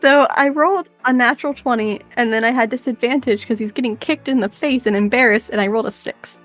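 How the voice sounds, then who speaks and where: A woman running a tabletop game as dungeon master, narrating in a lively way and laughing often. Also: fairly high pitch, quick pace, soft background music.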